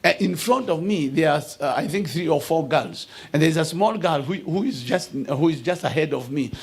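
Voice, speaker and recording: A man preaching a sermon as a bishop. He builds to shouted declarations and often repeats and restarts his words. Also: a little high, animated, moderate pace, creaky, slightly rough.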